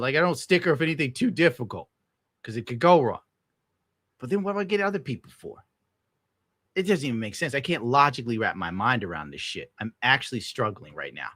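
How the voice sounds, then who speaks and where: A young man with a bright, forceful voice rants bitterly and swears constantly as he comments on a stream. The sound is dry and close, with no room around it. He talks in a casual, sour way. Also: medium pitch, no room sound. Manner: bitter, crude, heavy swearing. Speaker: streamer reacting to clips.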